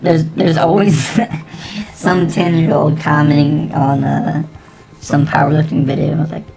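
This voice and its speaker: A man talking through a pitch-shifting voice effect, rambling and goofing around. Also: moderate pace, vocal fry, music in the background, rough recording. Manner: goofy, rambling.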